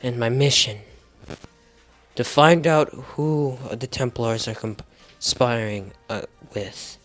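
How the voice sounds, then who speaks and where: A man's voice: medium pitch, takes it slowly, faint music behind. Rambling young man telling a fan story. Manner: rambling, with restarts and laughs. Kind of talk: improvised fan story narration.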